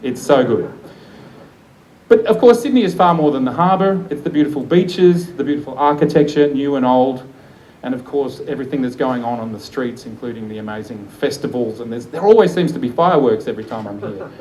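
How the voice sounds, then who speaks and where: A man's voice: mid-range voice, animated, brisk, darkish tone, poor audio. A man in his forties, a photographer, giving a chatty, enthusiastic live speech at a book launch and often laughing. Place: event room with an audience.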